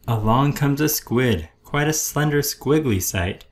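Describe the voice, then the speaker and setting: A man's voice: medium pitch, lively intonation, measured pace, hardly any pauses. A man reading a rhyming children's picture book aloud with a rhythmic storytelling manner. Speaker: storybook reader.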